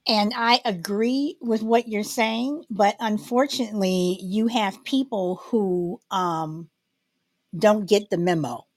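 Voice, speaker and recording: A woman's voice: medium pitch, slow. A woman hosting a casual talk show, often restarting and repeating words as she asks questions.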